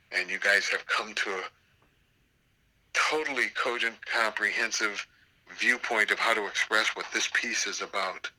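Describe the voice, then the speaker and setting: An older man, a theater professor, telling anecdotes in an interview with an animated, storytelling manner. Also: on the low side, rough recording. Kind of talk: storytelling interview over a call.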